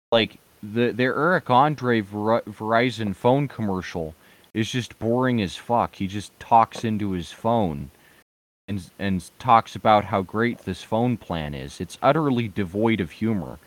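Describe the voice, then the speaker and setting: Low-voiced man in a profane rant. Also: no echo. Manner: profane, sarcastic, opinionated. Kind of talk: mock-serious comedic rant.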